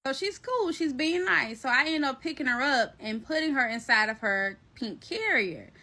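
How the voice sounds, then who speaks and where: A woman telling a story in a casual storytime vlog, animated and slangy, talking straight to her viewers. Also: high voice, moderate pace. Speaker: vlogger.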